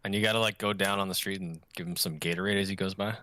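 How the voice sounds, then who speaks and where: A man's voice: low-pitched, fairly even intonation, fast, sharp tone, dry recording. A man co-hosting a casual podcast over an online call, rambling and joking. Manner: rambling, joking, puts on silly voices. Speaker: podcast co-host. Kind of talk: casual chat.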